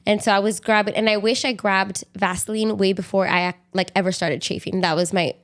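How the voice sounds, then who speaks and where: A young adult woman co-hosting a podcast, telling a story in casual chat with lots of fillers and lively asides. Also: medium pitch, a little fast. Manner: chatty, animated storytelling with many fillers. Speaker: podcast co-host.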